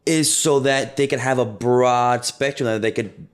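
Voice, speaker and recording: A man's voice: mid-range voice, fairly even intonation, unhurried, clear, resonant tone. A man co-hosting a casual talk show, speaking emphatically and reading out news headlines. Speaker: podcast co-host. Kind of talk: casual chat.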